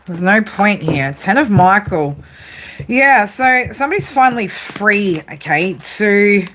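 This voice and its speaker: A woman's voice: mid-range voice, animated, measured pace, a bit bright, a little hiss or hum. Teasing, foul-mouthed woman reading tarot. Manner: teasing, profane banter with viewers. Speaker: psychic tarot reader. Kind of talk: casual live-stream tarot reading.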